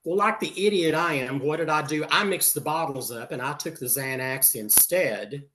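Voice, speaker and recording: A man's voice: on the high side, moderate pace, noisy background. An older man from Texas doing a campy, sassy stand-up set, punctuated with air kisses. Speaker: stand-up comedian.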